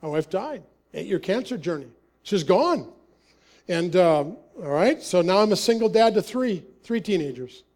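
A middle-aged man from Wisconsin speaks to an audience, sharing personal stories in an earnest, folksy way with wry humor. His voice sits fairly high for a man yet sounds soft and mellow. He often restarts his sentences as he talks. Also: lively intonation, normal speed. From Wisconsin, USA. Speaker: author and speaker. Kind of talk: personal storytelling talk to an audience.

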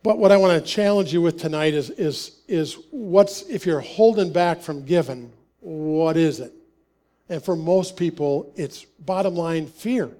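A man with a noticeably high voice delivers a sermon built on personal anecdotes. He talks like he's chatting with the congregation, laughing easily and slipping into the voices of the people in his stories. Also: a little slow, mellow. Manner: conversational, laughs often, acts out dialogue. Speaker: preacher.

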